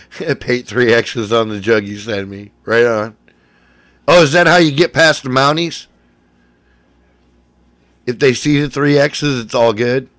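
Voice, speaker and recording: Slow-talking joking man. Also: medium pitch, a bit bright, no room sound. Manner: laughing, profane, joking. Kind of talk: casual chat.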